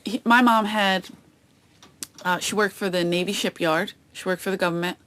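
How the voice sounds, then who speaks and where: A woman comedian chatting as a podcast guest, telling stories with lively acted-out quotes. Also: medium pitch, moderate pace. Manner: animated storytelling, acts out quoted voices. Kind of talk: casual chat. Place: outdoors on a boat.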